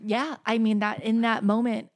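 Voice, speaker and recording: A woman guest on a podcast telling a personal story in a casual, animated way, often saying "like" and acting out what people said. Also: fairly high pitch, normal speed, dry recording. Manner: animated, acts out quoted voices, frequent "like".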